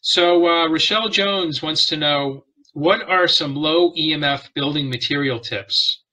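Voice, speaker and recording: Bright-voiced male interview host. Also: a little high, measured pace, rough recording. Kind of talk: interview hosting.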